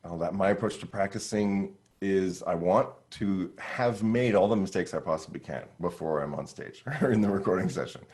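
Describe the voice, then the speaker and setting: A middle-aged man, a horn player and teacher, answering questions in a relaxed way and acting out his own thoughts with frequent laughs. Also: sits low, normal speed, few pauses. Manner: animated, acts out quoted thoughts, laughs often.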